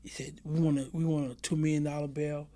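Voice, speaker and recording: This middle-aged interview guest talks fast in a slightly high, mellow voice with a level tone. Telling casual stories from his past, he acts out the other characters' voices and keeps checking in with "you know what I mean".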